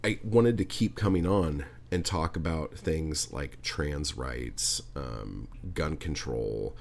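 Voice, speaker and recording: A man's voice: very deep voice, takes it slowly, gravelly. A man hosting a podcast, ranting heatedly with constant swearing and talking straight to the listener. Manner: talks directly to listener, "dude". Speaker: podcast host. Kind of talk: profane ranting monologue.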